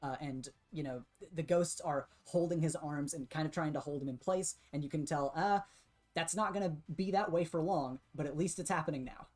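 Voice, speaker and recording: A man's voice: a little high, a little fast, darkish tone. A man running a tabletop role-playing game as game master, narrating action loosely with many fillers and restarts.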